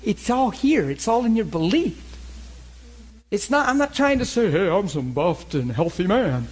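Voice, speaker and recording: A man in his forties, a preacher telling hunting stories in a lively, laughing sermon style. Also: high voice, normal speed, slightly rough. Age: 40s. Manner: animated, laughing storyteller. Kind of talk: sermon storytelling.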